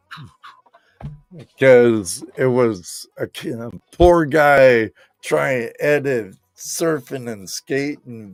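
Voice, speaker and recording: A man's voice: mid-range voice, gravelly, no echo. A man from Southern California hosting a live stream, chatting in a rambling, laid-back way and talking straight to his viewers. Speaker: live show host. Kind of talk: casual live-stream chat.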